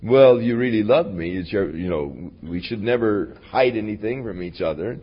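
A man's voice: fairly low pitch, animated, moderate pace, breathy edge. A man voicing a young bride-to-be who coaxes and reproaches her groom, in a dull lo-fi recording. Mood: coaxing. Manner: coaxing and reproachful.

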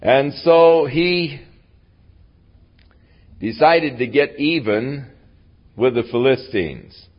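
A man's voice: mid-range voice, very slow, long pauses, dull audio. A man teaching a Bible lesson as a folksy, conversational retelling. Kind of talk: casual Bible lesson storytelling.

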